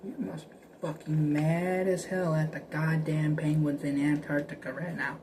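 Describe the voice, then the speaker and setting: A man's voice: fairly high pitch, flat delivery, moderate pace, a little mellow, slight background noise, rough recording. A man ranting casually to camera, profane and repetitive, often stammering and restarting. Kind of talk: casual rambling rant.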